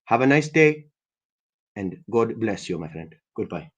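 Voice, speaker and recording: A man putting on a higher voice as an eager, overly formal prank caller who keeps saying "my friend". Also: big pitch swings, unhurried, breathy edge, lo-fi sound, exaggerated voice. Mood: polite.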